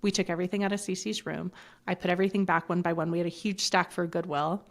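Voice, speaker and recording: A woman's voice: lowish voice, quick pace, creaky. A middle-aged woman telling a personal story as a podcast guest, bluntly and with swearing, acting out the lines of others. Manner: blunt and animated, swears freely, acts out quoted dialogue. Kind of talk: candid storytelling in conversation.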